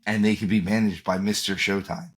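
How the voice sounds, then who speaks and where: Low-voiced laid-back podcast guy. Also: steady tone, a little fast. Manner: easygoing, thinks out loud with many "like"s. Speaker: podcast co-host. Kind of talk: casual chat.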